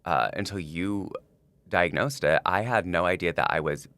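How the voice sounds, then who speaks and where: A man's voice: sits low, moderate pace, fairly bright tone, no echo. A man on a podcast, telling a personal story in casual chat, rambling with lots of likes and restarts. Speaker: podcast co-host.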